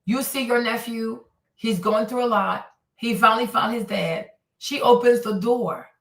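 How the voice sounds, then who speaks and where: A woman's voice: on the high side, measured pace. A woman from Northern Virginia hosting a casual commentary show, telling stories with indignant energy and acting out what people said. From Northern Virginia, USA. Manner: animated, indignant storytelling with acted-out quotes. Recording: echoey room, voice a bit far from the mic.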